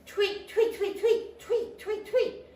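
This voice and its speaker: A woman voicing a cheerful young robin who chirps in a high sing-song, in an echoey room. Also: big pitch swings, slow, slight background noise, heavily acted. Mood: chirpy. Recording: echoey room, mic at a distance.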